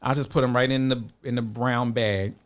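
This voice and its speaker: A man's voice: mid-range voice, fairly even intonation, normal speed, clean tone. A man co-hosting a podcast, telling a long story in casual chat, acting out the voices he quotes and laughing often. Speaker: podcast co-host.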